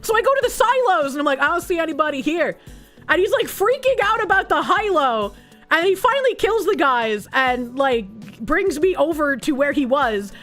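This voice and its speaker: A woman streamer chats with her audience in a bright, high voice that swoops up and down. She swears freely and collapses into squealing giggles, with faint music playing underneath. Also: lively intonation, moderate pace. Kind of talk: casual chat reading viewer comments.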